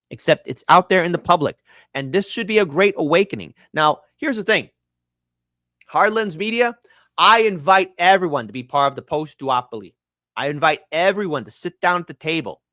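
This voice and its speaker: A man's voice: mid-range voice, fairly bright tone, no echo, studio quality. A male political commentary host, sarcastic and informal, who repeats his phrases for emphasis. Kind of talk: casual opinion commentary.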